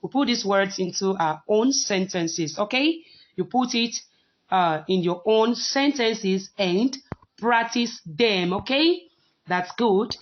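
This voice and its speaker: A woman's voice: mid-range voice, animated, slow, dull audio. A woman teaching a phonics lesson to young children, patient and repeating words for them to copy.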